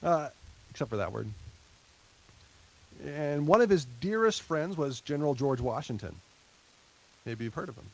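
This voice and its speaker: A man's voice: a little high, lively intonation, moderate pace, creaky, long pauses, a little mellow, poor audio. A male pastor giving a conversational sermon, with asides to the congregation and a closing prayer. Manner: conversational preaching with light laughs and asides.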